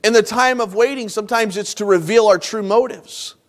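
A man preaching a sermon in a folksy, conversational way, moving between loud emphatic lines and soft low asides. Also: a little fast. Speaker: pastor.

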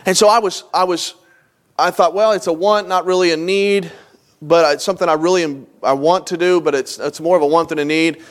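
Male pastor, middle-aged, slightly high voice, homespun sermon storyteller who stumbles and restarts. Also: steady tone, a little fast. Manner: folksy storytelling with many restarts. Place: church.

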